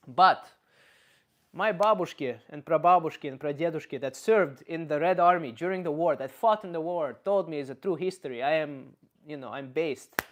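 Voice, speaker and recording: A man from Canada holds loose live stream chat, rambling and swearing freely. His voice sits a bit higher than most men's. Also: moderate pace, muffled recording. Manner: rambling, profane, reads chat aloud. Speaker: comedian streamer.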